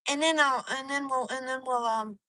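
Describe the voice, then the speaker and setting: A high-pitched, sharp-toned woman talks at normal speed while live-streaming from her car after dark, swearing and rambling as she vents to her audience. The recording is dry and the audio poor.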